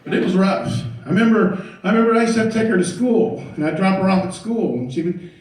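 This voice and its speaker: A middle-aged man doing stand-up, telling a story about his daughter and acting out loud quotes, often laughing as he talks. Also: high-pitched, fast talker. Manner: animated, loud acted-out quotes, laughing through lines. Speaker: stand-up comedian. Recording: echoey room, far from the mic, loud noise.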